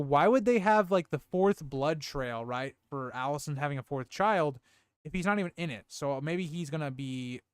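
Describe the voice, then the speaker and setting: A young man casually reviewing a TV episode on a live stream, animated and exclamatory, peppering his talk with "like" and "dude". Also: fairly high pitch, smooth, no room sound, clean studio sound.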